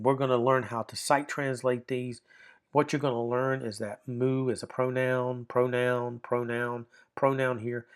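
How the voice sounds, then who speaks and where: A man explaining a textbook grammar lesson to viewers at a medium pitch. He talks in a loose, conversational way, breaking off to add asides and rephrase points. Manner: informal, explanatory, with frequent restarts and asides to the viewer. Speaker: Greek grammar teacher. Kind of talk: recorded lesson walking through a textbook.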